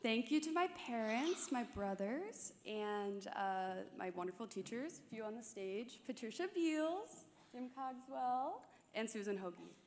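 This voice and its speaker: A young woman graduate quickly listing those she thanks. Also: on the high side, lively intonation. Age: young adult. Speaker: graduating student. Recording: hall reverb, clear noise.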